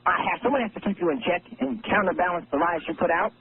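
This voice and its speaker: High-pitched indignant male caller on a phone line. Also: fast, gravelly, a little hiss or hum. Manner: indignant, accusatory, stumbling over words. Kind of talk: call-in radio rant. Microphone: telephone. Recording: tinny phone line on radio.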